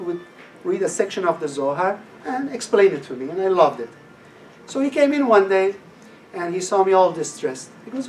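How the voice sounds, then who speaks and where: A man tells a lively personal story to a class, acting out every quoted line. His pitch swings widely as he talks. He was recorded from a distance, with faint noise in the room. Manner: animated, acts out quoted dialogue, laughs at his own story.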